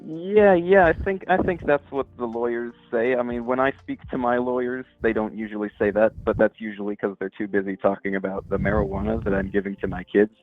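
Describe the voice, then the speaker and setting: A man's voice: on the low side, steady tone, a little fast, few pauses, narrow, tinny audio, soft background music, lightly acted. A man doing a timid stammering devil. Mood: earnest. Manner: stammering, hesitant. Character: timid soft-spoken male devil, nervous normal guy. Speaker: caller. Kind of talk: improvised comedy call-in bit.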